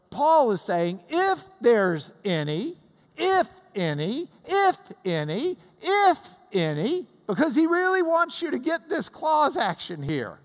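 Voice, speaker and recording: A Bible study teacher giving a lively classroom lesson, chanting out rhythms to make a point. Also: mid-range voice. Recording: long reverb in a hall.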